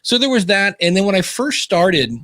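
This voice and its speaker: Self-deprecating male podcaster, animated stories. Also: sits high, moderate pace, no echo, studio quality. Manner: self-deprecating, animated storyteller acting out quotes. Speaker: guest, podcaster and author. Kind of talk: casual interview chat. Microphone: video call.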